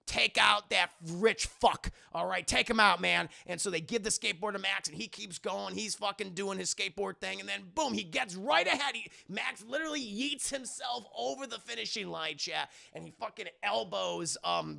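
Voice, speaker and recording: Young male streamer, high gravelly voice, animated and profane movie recapper. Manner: animated, profane, addresses chat, acts out characters' lines.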